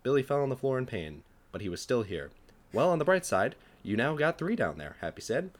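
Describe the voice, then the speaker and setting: Young man, comedic fan fiction reading, lively pitch, acts out lines. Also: brisk. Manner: animated, laughs at his own jokes, acts out the dialogue. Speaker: podcast co-host reading his fan fiction. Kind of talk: comedic reading aloud with banter.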